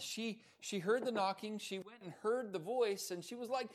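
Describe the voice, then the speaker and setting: A man preaching a sermon, telling the story in a lively, animated way with casual fillers and asides. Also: sits high, moderate pace. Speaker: pastor.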